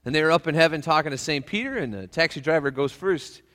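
A man's voice: fairly high pitch, animated, fast, a bit bright, in a large hall. A man preaching a casual, joking sermon to his church. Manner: folksy, joking, acts out voices. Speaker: pastor. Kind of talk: conversational sermon. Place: church sanctuary.

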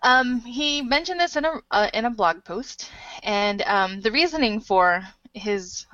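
A woman's voice: fairly high pitch, expressive, unhurried, sharp tone, no echo, dull audio. A woman co-hosting a casual podcast, giggly and playful. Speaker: podcast co-host.

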